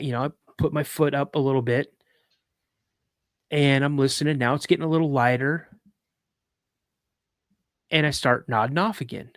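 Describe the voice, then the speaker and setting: A man's voice: fairly high pitch, no room sound, studio quality. Man telling a story animatedly. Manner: animated, vivid retelling with restarts. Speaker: podcast host. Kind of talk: live podcast storytelling.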